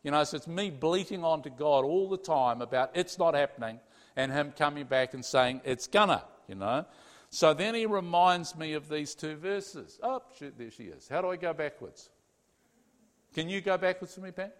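A fairly high-voiced man preaches in a chatty, animated way and keeps tossing "okay?" to his listeners. His voice rings out with a long reverb from a large hall. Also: normal speed. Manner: animated, tags sentences with "okay?". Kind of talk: conversational sermon.

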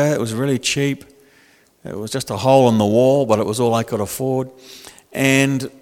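An older man preaching a sermon in a lively, humorous, conversational way. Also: mid-range voice, in a large hall. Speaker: pastor.

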